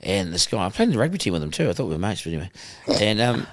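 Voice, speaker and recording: This middle-aged man speaks with a New Zealand accent in a low voice that swings widely up and down as he talks. He tells his stories on a podcast in a relaxed way, laughs a lot and acts out the lines of everyone involved. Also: racing. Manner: animated, laughing, acts out quotes. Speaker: guest broadcaster. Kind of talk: casual podcast storytelling.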